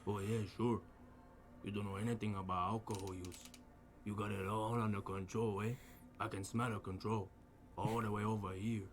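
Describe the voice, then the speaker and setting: A drawling, sardonic man voiced by an actor who talks down from the beams of a church. His voice sits very low and barely moves in pitch. A faint ambient hum runs under the game audio. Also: little pitch movement, normal speed, natural voice. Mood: mocking.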